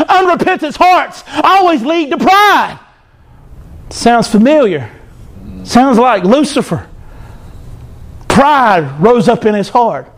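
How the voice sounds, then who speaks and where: A male pastor preaching a sermon, animated, acting out the voices of proud people. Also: extremely high pitch.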